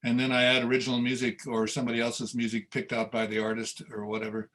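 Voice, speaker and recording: A man's voice: medium pitch, completely flat delivery, fast talker, a bit bright, low-quality recording. Laid-back guy hosting a stream, lots of uh's, medium voice. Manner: easygoing, full of fillers and chuckles. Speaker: show host. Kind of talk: casual livestream chat.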